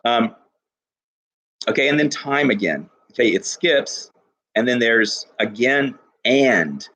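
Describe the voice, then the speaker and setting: Enthusiastic husky male teacher. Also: medium pitch, expressive, bright, forceful tone. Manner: enthusiastic, reads lines slowly and stresses syllables. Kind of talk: poetry lesson to a class. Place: classroom.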